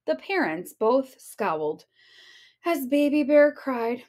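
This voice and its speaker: Teacher reading a storybook aloud, sing-song rhyming delivery, unhurried, lively pitch. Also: female voice.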